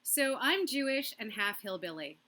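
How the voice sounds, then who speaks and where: Bright-voiced woman doing stand-up over a video call. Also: on the high side, very animated. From Massachusetts. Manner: quick, punchy joke delivery with self-laughs. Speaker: stand-up comedian. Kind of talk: stand-up comedy set. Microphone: own microphone on a video call.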